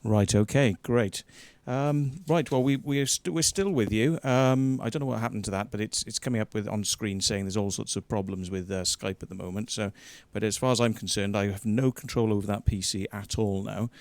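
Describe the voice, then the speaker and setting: A man's voice: on the low side, moderate pace, few pauses, a little mellow, no echo. Flustered male show host. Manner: chatty, flustered, joking. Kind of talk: live web show hosting.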